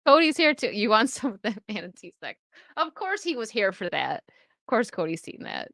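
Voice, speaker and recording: A woman with a bright, forward voice chats casually on her livestream, answering chat and laughing often. She speaks into a close desk microphone in a dry, dead-sounding room with no echo. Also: medium pitch, very animated, moderate pace. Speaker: streamer chatting with live chat.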